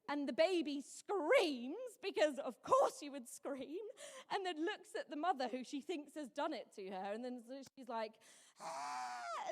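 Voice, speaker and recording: A woman with a high, bright voice preaches in a church hall, her words trailing off in a long reverb. She tells stories in a lively, animated way and acts out the other people's voices. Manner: animated storytelling with mimicked voices and laughs. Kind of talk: Mother's Day sermon.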